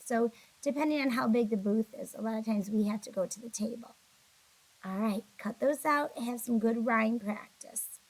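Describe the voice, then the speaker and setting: Sleepy, husky-voiced woman teacher. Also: a little high, a little mellow, rough recording. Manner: patient, encouraging, talks to kids directly. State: sleepy, yawning. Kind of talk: classroom video lesson for young children.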